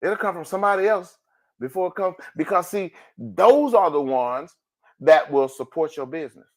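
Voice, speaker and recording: A male podcast host delivers a motivational monologue in a colloquial, sermon-like manner. His voice sits a little high for a man. He swings from loud exclamations to quiet asides. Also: expressive, moderate pace. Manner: preachy, exclaims "ooh", big swings in pitch and volume; colloquial, addresses listeners as family.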